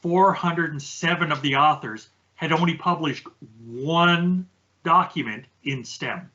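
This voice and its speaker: Male podcast co-host, easygoing explainer, fairly bright tone, somewhat dull recording. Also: fairly high pitch, unhurried. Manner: relaxed, explains research points step by step. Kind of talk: casual conversational chat.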